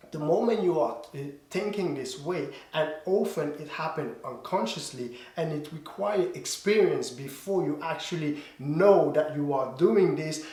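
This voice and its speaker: A man's voice: on the high side, a little mellow, echoey room. A man teaching dance to camera, explaining points and repeating them, with small grammar slips. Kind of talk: instructional talk to camera.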